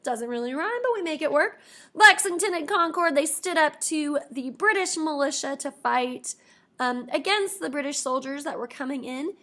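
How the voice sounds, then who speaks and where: A woman teacher giving a lively history lesson to her students, expressive and playful with asides. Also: high voice, normal speed.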